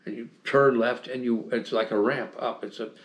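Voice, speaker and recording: A man's voice: mid-range voice, steady tone, normal speed, slight background noise. Rambling older American man telling war stories. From United States. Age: 70s. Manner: rambling anecdotes with many restarts and fillers; chuckles often while telling stories. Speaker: interview guest. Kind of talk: casual storytelling interview.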